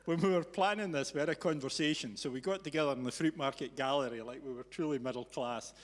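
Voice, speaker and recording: A man hosts a live talk, spinning a teasing, animated story for the audience. His voice sits a little high, and it rings in a reverberant hall. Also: fast. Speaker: event host. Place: event venue with an audience.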